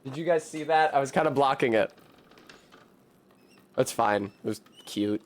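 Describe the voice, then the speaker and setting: Slow-talking male game streamer. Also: medium pitch. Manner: jokey, reads dialogue in a slow deliberate way. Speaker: streamer playing a narrative game. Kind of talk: casual let's-play, reading character lines aloud.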